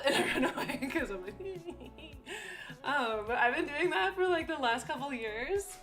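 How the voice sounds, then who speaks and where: A chatty young woman talks on her live stream, giggling often and slipping into other people's voices as she tells stories. Her voice sits a little high, with soft music playing quietly behind her. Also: expressive, moderate pace. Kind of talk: casual chat on a live stream.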